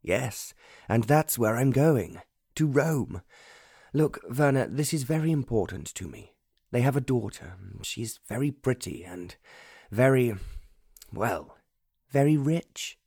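A man voicing a petulant young gentleman who talks in a sulky, awkward, dismissive way in an audiobook. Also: mid-range voice, expressive, slow, husky, dry recording, studio quality, full character voice. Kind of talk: audiobook narration.

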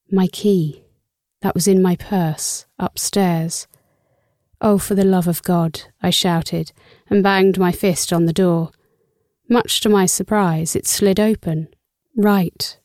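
A young woman with a lowish, mellow voice reads a first-person story with wry, sarcastic bite and casual swearing. The recording is dry and close on a studio mic, with no room sound. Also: no echo. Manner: wry, sarcastic and freely profane. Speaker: audiobook narrator.

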